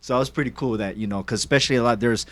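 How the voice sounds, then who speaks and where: A man's voice: mid-range voice, very fast, a bit bright. Easygoing male podcast host. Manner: easygoing, lots of "yeah, yeah" backchannel. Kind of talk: casual interview chat.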